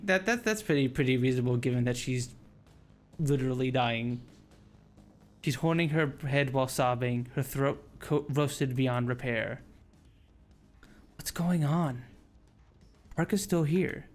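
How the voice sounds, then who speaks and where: Brief: a male streamer reading visual novel narration aloud; casual delivery, mid pitch, stumbles and restarts. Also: moderate pace, faint music behind.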